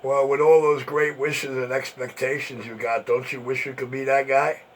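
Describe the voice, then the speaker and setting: A man's voice: medium pitch, little pitch movement, normal speed, soft background music. A man hosting an internet radio show, taunting and boasting in a profane monologue.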